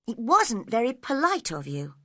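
Woman doing young girl Alice, bright. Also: on the high side, wildly swooping pitch, moderate pace, no echo, clean studio sound, voice pushed up, full character voice. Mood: cross.

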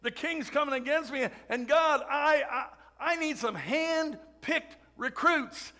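A man's voice: extremely high pitch, lively intonation, slow pace, creaky, sharp tone, pitched above the performer's own voice, full character voice. A man preaching, voicing a desperate young man hiding in a cave and begging God for help. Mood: pleading. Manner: pleading, raised and urgent.

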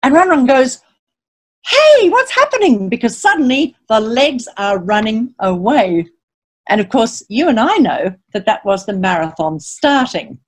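A children's author reads her picture book aloud, her fairly high voice rising and falling widely through each line. She chants the rhyming verses in a lively sing-song and keeps turning to her young listeners with questions. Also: moderate pace. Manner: animated storyteller, asks listeners questions.

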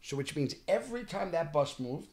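A middle-aged man, an actor telling animated stories on a podcast. He often restarts sentences and acts out what people said. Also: a little high, normal speed, crowd noise. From Bensonhurst, Brooklyn, New York. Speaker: actor guest. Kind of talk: casual podcast storytelling.

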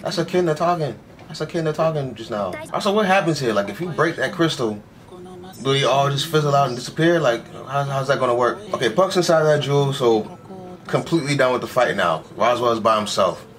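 A man's voice: mid-range voice, lively intonation, brisk. A young man giving casual, slang-filled commentary while reacting to an anime episode, talking back at the screen. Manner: slangy, talks back to the screen, says "bro" constantly.

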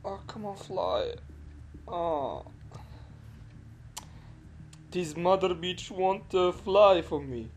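A man putting on a fake Russian accent to play a crude, excitable commentator called Vladimir, swearing and laughing over a game. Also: high-pitched, extremely slow, pauses often, a little hiss or hum, exaggerated voice. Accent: put-on Russian accent. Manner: swears a lot, laughs and yelps at crashes. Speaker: gameplay commentator. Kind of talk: comic game commentary in character.

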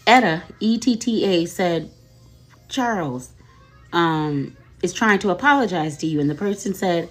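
A woman's voice: fairly low pitch, expressive, measured pace, soft background music. Chatty woman retelling online drama. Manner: chatty, laughing, repeats "okay?" and "y'all". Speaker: commentary host. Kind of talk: casual commentary on social media drama.

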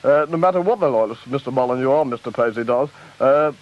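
A man playing a fast-talking, hesitant politician. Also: mid-range voice, lightly acted. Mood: earnest. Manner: hesitant, many "uh" fillers, indignant. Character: earnest quick-talking middle-aged male politician. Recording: dull lo-fi tape.

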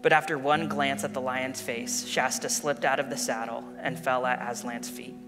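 A male pastor preaching a sermon, telling and reading a story in an earnest, animated way. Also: medium pitch, normal speed. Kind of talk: sermon with read-aloud story. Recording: long hall reverb with guitar music.

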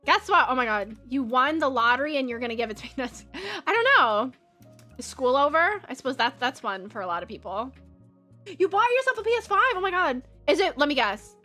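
A woman's voice: sits high, sing-song, fairly quick. A woman streamer with a Valley Girl accent, chatting casually while she draws, rambling and giggling with plenty of "like". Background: soft background music.

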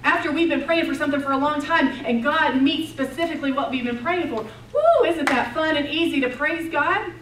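A woman's voice: high voice, brisk, hardly any pauses, a little hiss or hum. Impassioned woman preaching in a roomy hall. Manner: impassioned storytelling, swings between loud and hushed. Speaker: women's retreat speaker. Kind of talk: sermon. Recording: roomy, distant mic, faint ambience.

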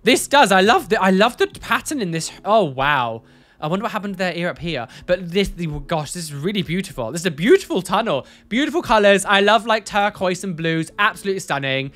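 A man's voice: sits high, lively intonation, brisk, a bit bright. A young man hosting a casual reaction video, camp and flamboyant, with playful exclamations. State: out of breath. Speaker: host.

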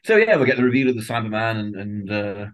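A man's voice: on the low side, very animated, quick pace. A man co-hosting a podcast, giving opinionated, wry asides and swearing freely. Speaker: podcast co-host. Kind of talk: casual chat.

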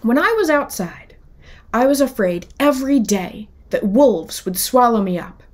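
A woman voicing a fussy, bossy male duck who lives inside a wolf, speaking high and emphatic. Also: expressive, measured pace. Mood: contented.

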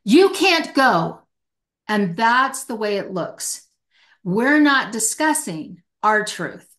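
A woman's voice: on the high side, sing-song, takes it slowly, fairly bright tone. Emphatic middle-aged woman, passionate. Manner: passionate, emphatic, acts out quoted speech. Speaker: hostage negotiator, podcast guest. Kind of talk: emphatic podcast interview answer.

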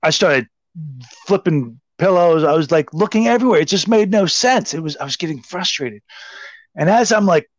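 A man guest telling a story in a casual, animated and profane way, full of "like". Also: high-pitched, normal speed, dry recording. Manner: animated, profane, heavy use of "like". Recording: slightly dull, dry sound.

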